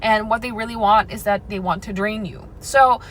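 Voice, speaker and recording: Young woman, sassy advice vlogger talking to camera, mid pitch, faint background noise. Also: fairly even intonation, moderate pace, low-quality recording. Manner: sassy, addresses viewer as girl and honey. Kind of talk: direct-to-camera advice monologue.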